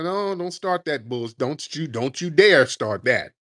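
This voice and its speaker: A man hosting a talk radio show, ranting in a combative, mocking, animated way. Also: fairly high pitch, measured pace, few pauses. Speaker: radio host.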